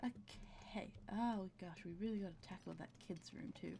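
A woman's voice: mid-range voice, normal speed, creaky, warm tone, a little hiss or hum. A woman casually commenting on her game, chatting to her characters and laughing often, with audible breathing. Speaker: gameplay commentator.

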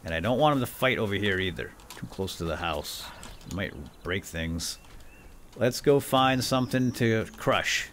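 A man hosting a gameplay video, muttering quietly to himself and then shouting with excitement. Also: lowish voice, moderate pace, slight background noise. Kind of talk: excited let's-play commentary.

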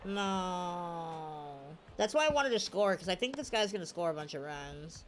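A man commentating his own baseball video game as he plays, excitable, his voice jumping to high shouts at big plays, tired after hours of play. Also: measured pace, music in the background. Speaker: gaming YouTuber. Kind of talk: live gameplay commentary.

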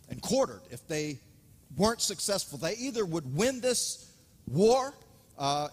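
A man preaching a sermon with dramatic swings between loud emphasis and hushed asides. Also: a little high. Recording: reverberant hall, speaker off-mic at times.

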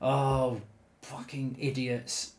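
A man's voice: medium pitch, level tone, extremely slow. A man hosting his own channel, giving live commentary over a football management game, full of ranting, swearing and exasperated outbursts. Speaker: gaming YouTuber host.

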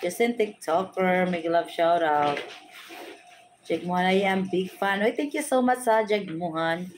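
A woman with a Filipino accent hosting a live stream, reading viewers' names aloud and giving shout-outs. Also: fairly low pitch, a little slow, a little hiss or hum, low-quality recording. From Philippines.

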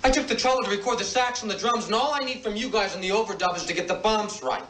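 A young actor playing an impatient teenage band leader who snaps and pushes the others, in a film soundtrack with noise behind. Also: male voice, high-pitched, quick pace, pushed and bright, echoey room. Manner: demanding, exasperated, snappy.

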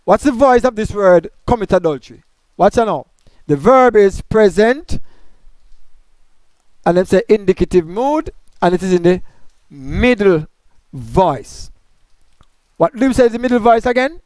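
High, smooth-voiced male Bible teacher. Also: lively intonation, measured pace, long pauses, a little mellow, no room sound. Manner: asks questions and answers them himself; explains grammar point by point. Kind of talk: Bible study lecture.

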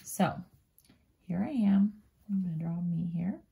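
A woman teacher slowly and gently walking young pupils through a writing lesson, often dropping into a soft near-whisper as she draws and spells. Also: fairly low pitch, gravelly, husky. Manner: slow, gentle, talks directly to young pupils. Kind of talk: children's writing lesson, drawing and thinking aloud.

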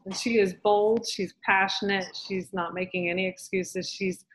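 A woman's voice: mid-range voice, steady tone, normal speed, a crowd in the background, rough recording. A woman hosting a team video call, introducing speakers with upbeat praise. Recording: faint background noise.

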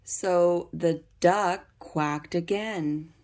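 Slow, low-voiced woman reading a picture book. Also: a little mellow. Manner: deliberate, carefully paced storybook reading. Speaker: reader of a children's book. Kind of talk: slow read-aloud storybook narration for young children.

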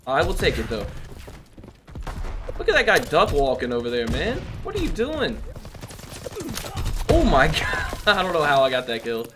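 Young male gaming creator, excitable and slangy, animated voice, audible background noise. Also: on the high side, moderate pace, long pauses. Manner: excitable, chatty, slangy, laughs and exclaims often. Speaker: gaming youtuber. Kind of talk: live gameplay commentary.

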